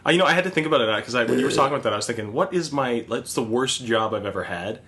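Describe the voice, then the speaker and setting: Bright-voiced man ranting with laughter. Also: mid-range voice, animated, very fast. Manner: profane, laughing rants. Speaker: podcast co-host. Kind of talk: casual chat.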